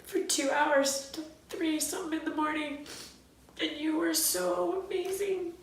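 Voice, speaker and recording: A middle-aged woman from Southern California, telling a personal story in a candid, animated way with fillers and restarts. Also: sits high, unhurried, creaky, a little hiss or hum. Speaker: host. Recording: very echoey room.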